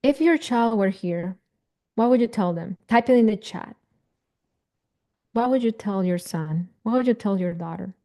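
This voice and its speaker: A woman, a parenting educator leading a guided visualization in a soft, earnest, affirming way with emphatic repeated phrases. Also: mid-range voice, expressive, moderate pace, long pauses. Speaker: parenting educator leading a live online session. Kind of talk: slow guided visualization, speaking to the audience.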